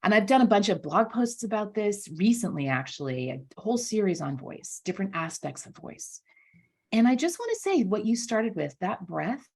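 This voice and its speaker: In a husky, mid-range voice at a moderate pace, a woman talks as a guest voice coach in an easygoing podcast interview. She's animated, frequently tossing in "right?" and doubling up words for emphasis.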